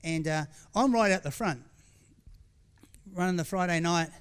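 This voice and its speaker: A middle-aged pastor with a high, clear, resonant voice preaches at a measured pace. His candid, chatty sermon is full of restarts and asides, and he's tearful at times.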